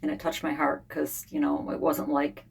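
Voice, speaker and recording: A grandmother in her fifties talks into her camera from a home sauna, tired and unwell. Her voice sits low and gravelly with a husky edge, and she rambles with sighs and long pauses. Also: monotone. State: unwell, frustrated. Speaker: vlogger. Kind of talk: casual diary vlog.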